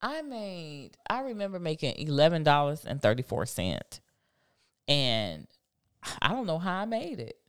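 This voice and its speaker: A woman co-hosting a podcast in relaxed, laughing casual chat. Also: low-pitched, unhurried, clean tone, dry recording, studio quality. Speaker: podcast co-host.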